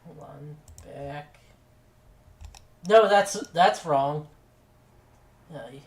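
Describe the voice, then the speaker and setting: A woman streaming a game, chatting casually and muttering at it as she plays. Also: sits low. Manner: slow, offhand, mutters at the game. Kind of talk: casual gameplay chat. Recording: echoey room.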